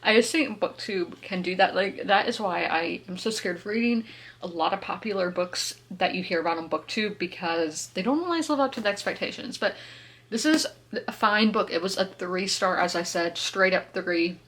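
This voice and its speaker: A woman's voice: mid-range voice, normal speed, fairly bright tone. A woman, chatting casually through a book review, laughing often and correcting herself as she goes. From South Carolina, US. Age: 20s. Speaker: book vlogger.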